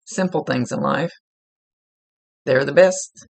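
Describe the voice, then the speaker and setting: Speaking slowly in a creaky, somewhat high voice, this man gives a relaxed psychic reading in a conversational way. He chats, laughs easily, and frequently corrects himself mid-sentence.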